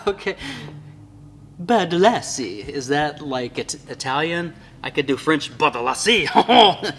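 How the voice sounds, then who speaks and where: A man talking casually and with enthusiasm in a product review vlog, often amused and slowly sounding out tricky words. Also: fairly high pitch, fairly bright tone, slight background noise. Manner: enthusiastic and chatty, often amused by his own slips. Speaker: Bible binding reviewer.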